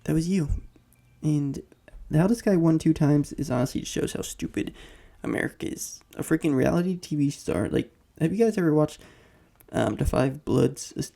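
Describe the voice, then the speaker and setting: Young man, podcast host, very gravelly, fairly high voice, slangy rambling commentary. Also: moderate pace, dark tone. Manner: slangy rambling rant, heavy on "like" and "freaking".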